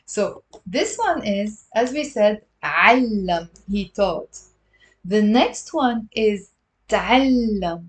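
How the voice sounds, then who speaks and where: A woman teaching a live-streamed language lesson, patiently repeating words slowly for her learners. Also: mid-range voice, expressive. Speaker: Lebanese Arabic teacher. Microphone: livestream camera mic.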